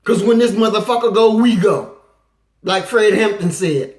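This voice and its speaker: A woman giving an impassioned lecture, forceful and animated, slipping into acted quotes. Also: medium pitch, moderate pace. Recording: roomy echo.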